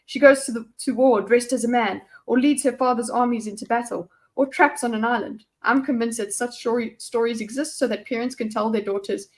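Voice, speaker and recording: A woman's voice: on the high side, steady tone, a little fast, hardly any pauses, close to an everyday voice. A woman voicing a talkative, educated young captive woman in an amateur fantasy read-aloud, pleading and wry.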